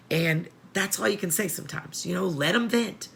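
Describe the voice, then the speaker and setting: A woman's voice: lowish voice, normal speed, creaky, a bit bright, a little hiss or hum. A middle-aged woman hosting a support show for families of prisoners, talking earnestly and getting choked up as she repeats her points. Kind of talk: heartfelt advice talk.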